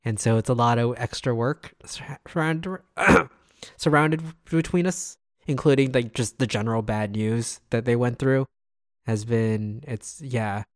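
A man's voice: mid-range voice, measured pace, no room sound, studio quality. A young man in a casual podcast chat, joking and laughing often. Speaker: podcast co-host.

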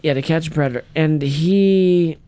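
A man's voice: normal speed, clear, resonant tone, dry recording. A man co-hosting a podcast in casual chat, telling stories animatedly and acting out quotes in a raised voice. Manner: animated storyteller, acts out quotes in a higher voice. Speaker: podcast co-host.

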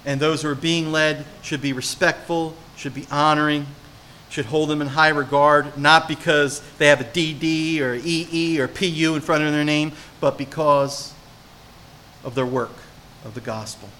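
A pastor from New Jersey preaches in a bright, forceful voice that sits a little high for a man. He tells lively stories and keeps asking his congregation questions. A faint ambience hangs behind him. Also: normal speed, slight background noise. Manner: animated storytelling, asks the congregation questions. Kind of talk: sermon.

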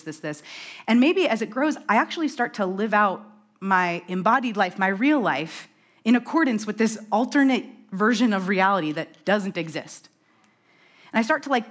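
A woman delivers a conversational sermon. She talks fast and animatedly and drops in quick self-deprecating asides. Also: mid-range voice, a bit bright. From New York. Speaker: preacher.

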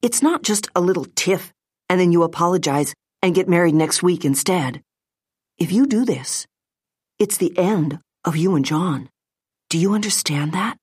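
A woman voicing the bride's best friend, who speaks slowly, carefully and firmly. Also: lowish voice, a little mellow, husky, no room sound, clean studio sound. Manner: slow, careful, firm.

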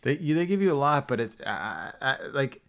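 A man's voice: medium pitch, big pitch swings, fairly quick. Rambling male podcast co-host. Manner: rambling storyteller. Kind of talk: casual chat.

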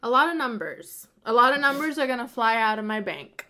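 A woman co-hosting a casual chat, playful and quick to laugh. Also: on the high side, very animated, bright, forceful tone. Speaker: co-host.

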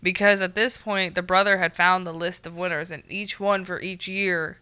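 Smooth, matter-of-fact woman. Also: fairly low pitch, fairly even intonation, normal speed, sharp tone. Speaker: guest in podcast chat. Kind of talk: casual chat.

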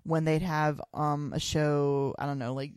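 A young adult woman co-hosting a podcast in casual chat, animated and giggly, filling her talk with "like". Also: low-pitched, measured pace, clean tone, no echo, studio quality. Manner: animated, giggly, lots of "like" fillers. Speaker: podcast co-host.

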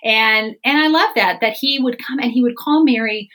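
A woman on a faith podcast, talking fast and animated and acting out the voices she quotes. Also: a little high, low-quality recording. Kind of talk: casual faith podcast chat.

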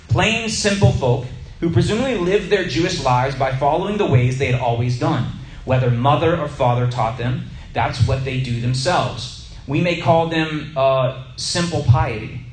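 A man teaching to a small group in a sermon style, telling a personal story and slowing down to stress key words. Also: on the high side, reverberant, a little hiss or hum, low-quality recording. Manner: conversational, stretches key words slowly for emphasis.

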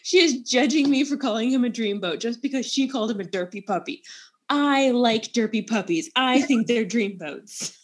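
A woman's voice: fairly high pitch, animated, moderate pace. A woman co-hosting a casual book podcast, talking in a playful way and laughing often. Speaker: podcast co-host.

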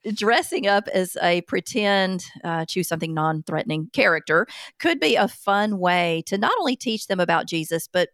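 A woman's voice: fairly low pitch, expressive, normal speed, a bit bright, dry recording, studio quality. Chatty, self-mocking woman podcast host. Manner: chatty and self-deprecating, with frequent ums. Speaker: podcast host answering listener questions. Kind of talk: casual chat.

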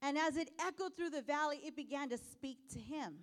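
A woman preaching a sermon, laughing often and asking the audience questions, going from soft asides to loud exclamations. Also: high-pitched, brisk.

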